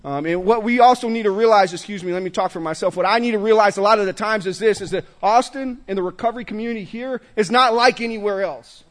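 A man with a high voice tells his recovery story to a meeting, slangy and animated. He laughs along as he talks and keeps it loose and personal. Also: quick pace, few pauses. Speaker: recovery speaker. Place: meeting room with audience.

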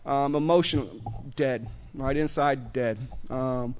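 A man's voice: mid-range voice, takes it slowly. A middle-aged man speaking casually to a recovery group, loose and conversational, with many stammered restarts and "man" tags. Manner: frequent restarts and stammered repeats. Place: meeting room with a group.

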